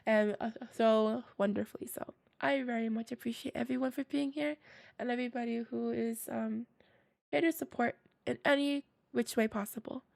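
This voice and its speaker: A woman's voice: fairly high pitch, creaky, a little mellow. A young woman streamer with a scratchy, tired voice, chatting casually with viewers, rambling with many fillers and frequent laughs. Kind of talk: casual livestream chat with viewers.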